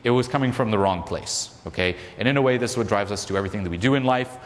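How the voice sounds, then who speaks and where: A man leading a seminar, coaching a live audience in a loud, profane, energetic way. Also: fairly low pitch, rapid-fire. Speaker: seminar leader. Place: large hall with a live audience. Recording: echoey hall with crowd noise.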